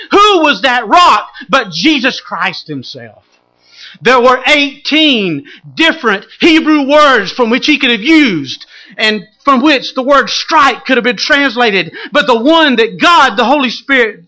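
A male preacher delivering a sermon, swinging between loud exclamations and hushed asides. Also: very high-pitched, lively intonation, a little slow.

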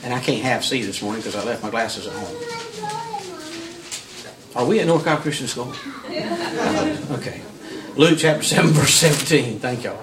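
A man preaching a sermon in a lively, storytelling way, often repeating words as he builds up. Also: medium pitch, normal speed, pauses often, background noise. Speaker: pastor.

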